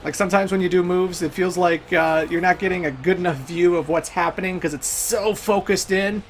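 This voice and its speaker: Casual game commentator, mid-pitched voice, easygoing and chatty, soft music under it. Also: steady tone, a little fast. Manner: laid-back, chatty, laughs often, swears casually. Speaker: let's play host.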